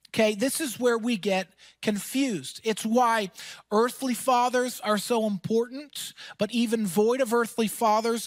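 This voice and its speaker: A man preaching a sermon as pastor, energetic and emphatic, with casual fillers and quick asides. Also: very high-pitched, no echo.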